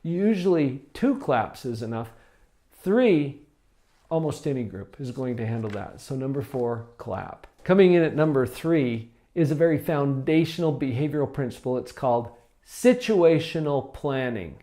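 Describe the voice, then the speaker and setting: A man presenting a countdown of classroom behaviour strategies in a calm, measured teaching tone, acting out quoted speech with sudden jumps in pitch. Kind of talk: scripted countdown talk.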